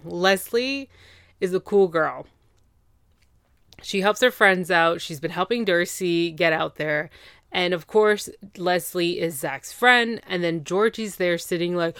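Woman with a low, dry voice. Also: measured pace, fairly bright tone, no room sound. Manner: opinionated, exasperated, gossipy, acts out quotes. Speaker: podcast host recapping reality TV. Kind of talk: casual chatty recap.

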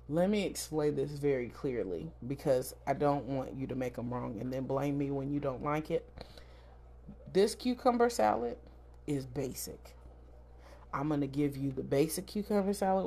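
A woman's voice: extremely low pitch, vocal fry, dark tone, a little hiss or hum. Candid chatty woman podcaster. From South Florida. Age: 30s. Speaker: podcast host. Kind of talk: casual solo podcast monologue.

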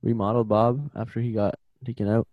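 A young man bantering casually with a friend, firing off quick deadpan comebacks. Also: mid-range voice, dry recording, highs cut off. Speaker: co-host. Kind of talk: casual chat.

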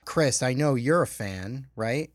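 A man's voice: mid-range voice, unhurried, no echo, studio quality. A middle-aged man hosting a film podcast, reading a polished intro, then chatting casually. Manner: reads a polished intro, then relaxed banter. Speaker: podcast host.

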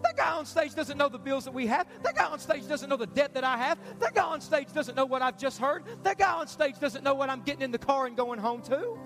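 A pastor giving an urgent, repetitive altar call in a church sermon. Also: male voice, very high-pitched, a little fast, few pauses, a bit bright, faint music behind. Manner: urgent, repetitive, pleading preaching. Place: church stage.

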